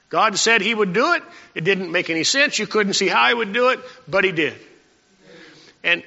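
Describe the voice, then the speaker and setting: A man preaching a sermon in a folksy manner, his voice high-pitched and gravelly with a bright edge. He clears his throat often between points. The recording is dull and lo-fi, with a long hall reverb trailing his words.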